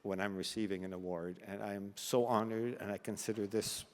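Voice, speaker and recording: An older man from Canada giving an emotional acceptance speech, self-deprecating and halting, sometimes close to tears. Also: lowish voice, fairly even intonation, a little mellow. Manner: self-deprecating humor, halting restarts, fighting back tears. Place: large banquet hall. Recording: long reverb of a large hall.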